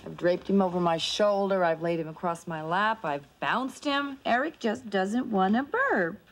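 A woman's voice: medium pitch, animated, a little slow. A woman playing an exasperated, scolding mother in a 1980s sitcom. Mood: weary. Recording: hissy old TV tape with studio laughter.

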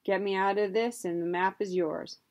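A foxy frontier scoundrel who pulls teeth, speaking in a low, sly mutter. A woman voices him in a storybook reading. He sounds crafty. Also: steady tone, moderate pace, a little mellow, close to an everyday voice. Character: shifty, foxy frontier scoundrel dentist, a man.

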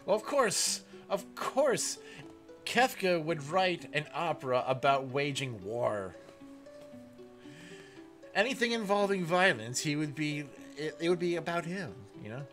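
A man commenting on a game as he plays, excitable, reading dialogue aloud and laughing often. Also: fairly high pitch, a little slow. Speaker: gaming let's player. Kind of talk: let's play commentary. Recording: faint game music behind.

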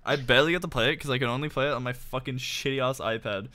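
A man streaming a game, chatting casually with friends, loud, swearing and joking in mock offense. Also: medium pitch, fast talker, crowd noise. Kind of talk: casual gaming chat.

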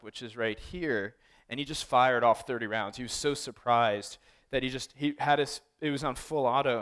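A man with a smooth, clear voice at mid pitch talks an audience through his photos. He tells wry, profane stories loosely and animatedly, full of filler words. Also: fairly bright tone. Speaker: photographer giving an artist talk. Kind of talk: casual storytelling talk to an audience. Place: art gallery talk.

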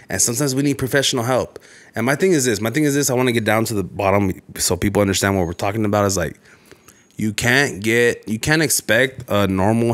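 A man, co-hosting a podcast as a casual chat, blunt and profane, telling stories. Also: fairly low pitch. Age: late 20s to 30s. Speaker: podcast co-host.

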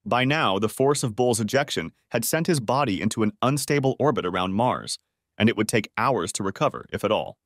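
A man's voice: lowish voice, very animated, a little fast, no echo. A man narrating a first-person story in a scripted audiobook reading on a close mic.

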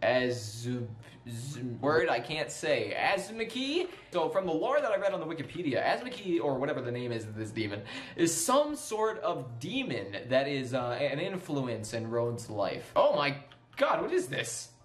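A man doing excited, nervous gameplay commentary, reading lore aloud and giggling often. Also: a little high, moderate pace, faint music behind. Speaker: gaming YouTuber.

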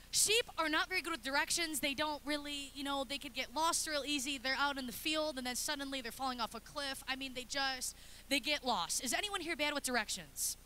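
A high, bright woman's voice delivers a playful, chatty sermon in a church, breaking into little acted scenes as she goes. She sounds like she's in her thirties, and a faint hiss sits under the recording. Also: expressive, normal speed. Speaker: pastor's wife preaching. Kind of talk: lively sermon. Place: church sanctuary.

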